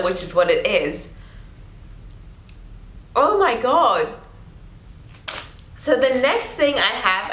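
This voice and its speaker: Young South African woman, casual vlog voice, exclaims a lot, mid pitch, echoey room. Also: pushed and bright. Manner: chatty and exclamatory. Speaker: vlogger. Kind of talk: casual taste-test vlog.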